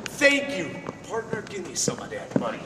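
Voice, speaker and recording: A man's voice: very high-pitched, wildly swooping pitch, normal speed, creaky, very noisy. A man giving a motivational talk to a room of schoolchildren, preachy and emphatic, with streetwise slang and questions thrown at the crowd. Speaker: motivational speaker. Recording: echoey hall recorded from far off.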